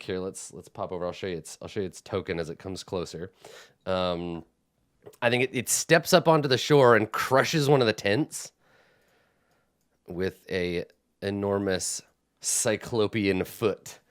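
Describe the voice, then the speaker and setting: A man narrating a tabletop game as game master, unhurried and searching for words as he describes. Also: fairly low pitch, fairly bright tone, smooth. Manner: unhurried, with many fillers and restarts while describing.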